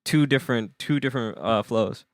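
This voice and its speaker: A man's voice: medium pitch, no room sound. Man in casual podcast banter. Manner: short backchannel replies and quick remarks. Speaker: podcast co-host. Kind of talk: casual chat.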